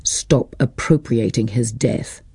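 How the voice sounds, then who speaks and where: A man reading an audiobook, voicing a jealous, angry husband who talks slowly and cuttingly. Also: mid-range voice, mellow, slightly rough, no echo, full character voice. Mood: tense, pleading. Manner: slow, deliberate and cutting.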